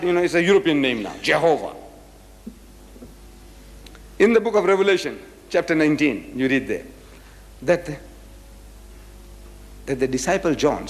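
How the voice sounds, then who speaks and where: A man's voice: on the high side, in a large hall. A man giving a live lecture to an audience. He speaks emphatically, throws rhetorical questions at the crowd, spells out words and chants phrases. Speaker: public lecturer.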